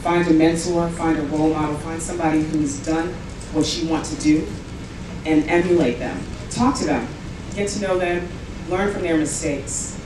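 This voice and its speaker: A woman's voice: deep voice, fairly even intonation, normal speed. A woman giving an earnest, encouraging keynote speech to young people in an event hall. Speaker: keynote speaker. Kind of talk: motivational speech. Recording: echoey hall from far off, noisy.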